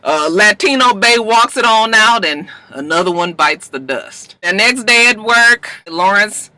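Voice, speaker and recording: Woman doing a tv recap vlog, super expressive up and down voice, cusses a lot, plays out the lines. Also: medium pitch, a little slow, no room sound. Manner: animated, profane, acts out characters' lines. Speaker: TV episode reviewer.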